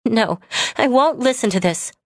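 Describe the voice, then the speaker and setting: A woman's voice: on the high side, lively intonation, normal speed, darkish tone, no room sound, clean studio sound, pitched above the performer's own voice. A woman voicing a hurt, defiant young woman in a romance audiobook, speaking in a raised, pained, accusing tone.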